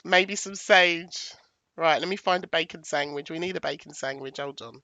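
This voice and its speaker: A woman's voice: sits low, moderate pace, sharp tone, dry recording. A woman hosting a casual livestream, chatting to viewers and thinking aloud as she sets up a presentation. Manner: chatty, thanks viewers, thinks aloud while picking graphics. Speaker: livestream host.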